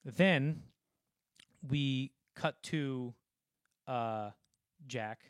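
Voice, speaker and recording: A young man co-hosts a casual film podcast, retelling scenes with animated energy and rambling through frequent restarts. His mid-range voice draws out words, recorded at studio quality with no room sound.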